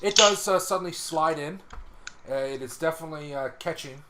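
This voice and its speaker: A man runs a tabletop game, describing the scene in an easy, halting way. His voice sits a little high. A clear hiss of noise runs under the recording. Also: sharp tone. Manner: laid-back, hesitant with fillers. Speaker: game master.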